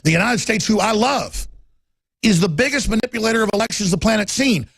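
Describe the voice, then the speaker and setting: A man hosting a talk show, delivering a heated, emphatic political monologue and shouting at times. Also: high voice, brisk, vocal fry, breathy edge, no room sound.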